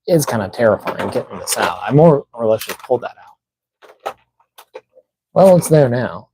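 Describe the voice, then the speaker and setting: A man's voice: mid-range voice, big pitch swings, a little slow, noisy background. A man chatting casually to himself while unboxing toys on a live stream, muttering as he fiddles with the packaging. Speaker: toy collector streamer.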